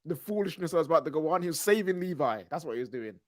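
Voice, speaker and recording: Male co-host, high voice, jokey and emphatic in casual banter. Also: lively intonation, rapid-fire, slight background noise. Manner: joking, emphatic, repeats himself. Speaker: podcast co-host.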